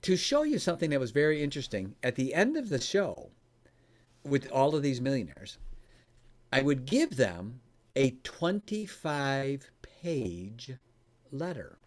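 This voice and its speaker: Give me an animated man telling a story, laughing often, his pitch leaping up when excited. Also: a little slow. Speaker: coach and former radio host. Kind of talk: storytelling in a conversation.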